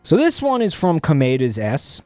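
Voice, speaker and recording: A man's voice: a little high, huge pitch swings, normal speed, a little mellow, no echo, faint music behind. A young man streaming, chatting casually while reading posts, profane and rambling with many restarts.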